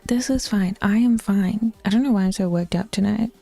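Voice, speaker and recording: A woman with a New Zealand accent chatting casually with her viewers as a Twitch streamer, bluntly teasing and slipping into soft whispered asides. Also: medium pitch, a little fast, gravelly, dry recording, faint music behind.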